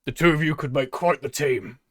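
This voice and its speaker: A man voicing a hearty, cheerful male cat-folk tavern keeper who loudly recruits adventurers, with a dry close sound. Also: a little high, brisk, no room sound, voice pushed up. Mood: booming. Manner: loud, hearty, salesman-like.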